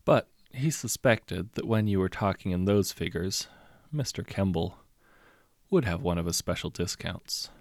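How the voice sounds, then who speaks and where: A man reading a short story aloud as narrator, in a measured, understated storytelling manner. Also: sits low, animated, dry recording, studio quality. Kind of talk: scripted audiobook narration.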